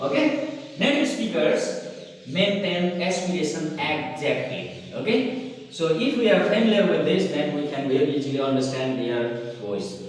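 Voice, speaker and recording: Guy teaching pronunciation, slow, keeps saying okay, far off mic in a big echoey room. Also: a little high, lively intonation, slight background noise. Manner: repeats words slowly for demonstration, asks "okay?" after each point. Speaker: English teacher. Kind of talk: classroom lecture on pronunciation.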